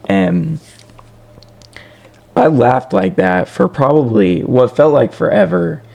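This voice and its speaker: A man tells a story in a casual, rambling way, with fillers and restarts. His voice is deeply gravelly, full of vocal fry. His pitch swings widely as he talks. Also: darkish tone. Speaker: vlogger.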